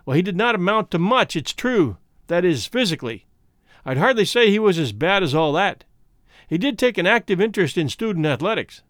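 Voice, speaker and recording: A man's voice: high-pitched, dry recording, clean studio sound. Man reading as a coolly ironic husband. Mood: measured. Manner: calm, measured, dryly polite. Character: calm, ironic abandoned husband. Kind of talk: audiobook reading.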